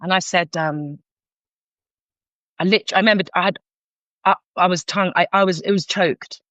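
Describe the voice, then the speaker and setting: Speaking as a podcast guest, a middle-aged woman counsellor from North London, England, tells a candid tale in a London accent. She's frank and animated, with plenty of restarts, her voice on the low side at a normal speed. Dull lo-fi audio, no room sound.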